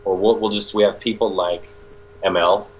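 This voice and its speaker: A man's voice: fairly low pitch, steady tone, normal speed, muffled recording. A man working as a real estate agent, telling stories in a casual, joking interview.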